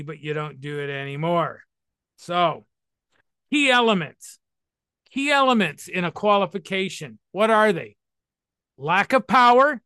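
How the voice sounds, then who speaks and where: A man in his sixties with a high, bright, forceful voice, recorded dry and close. He speaks about recovery in a playful, emphatic, animated way. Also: clear, resonant tone, no room sound. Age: 60s. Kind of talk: talk to listeners on recovery.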